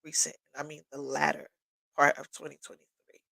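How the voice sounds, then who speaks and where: A woman sharing a personal story on a livestream, candid and blunt, tearful and sniffling. Her voice has a gravelly edge, and the sound is dry and close. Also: deep voice, flat delivery, fairly quick, fairly bright tone, no echo, rough recording. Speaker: livestream host. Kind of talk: personal testimony talk. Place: home workshop.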